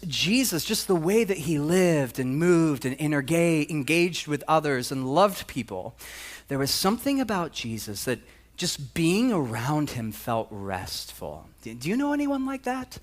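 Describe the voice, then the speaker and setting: A man with a fairly high voice preaches to his congregation. He talks in a loose, conversational way, with light humor, and his pitch and loudness rise and fall widely. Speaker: pastor. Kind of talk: sermon.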